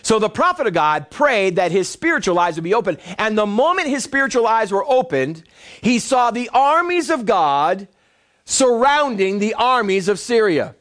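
Animated preacher with a lively high voice. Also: male voice, normal speed. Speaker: pastor. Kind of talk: sermon. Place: church before a congregation.

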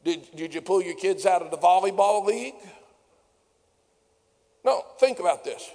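Pastor guy preaching, gravelly voice, bit high, echo of a big church hall. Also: animated, moderate pace, mellow. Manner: folksy, rising to fervent preaching. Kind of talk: sermon. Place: church sanctuary. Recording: long hall reverb.

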